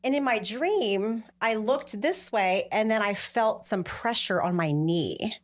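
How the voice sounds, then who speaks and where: A woman's voice: lively intonation, slow pace. A middle-aged woman, a podcast guest, telling a personal story in a heartfelt way and lifting her voice when she quotes others. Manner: heartfelt, acts out quoted voices with a lifted pitch.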